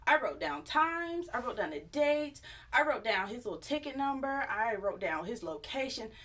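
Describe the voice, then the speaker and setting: A young woman telling a personal story to her viewers in a chatty, animated, sassy way. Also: a little high, normal speed. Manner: chatty, animated, sassy retelling with acted quotes. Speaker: YouTube storyteller. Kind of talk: casual storytime vlog.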